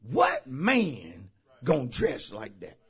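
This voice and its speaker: A man preaching a sermon as pastor. He drives his points with shouted phrases and repeated calls to the congregation. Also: medium pitch, huge pitch swings, slow, slightly rough. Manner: emphatic call-and-response preaching, shouting key phrases. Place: church service.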